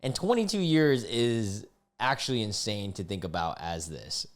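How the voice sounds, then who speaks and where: Young male commentator, twenties, lowish voice, lively and exasperated, reads posts and reacts. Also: moderate pace. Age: 20s. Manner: exasperated, disgusted outbursts between readings. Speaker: online commentator.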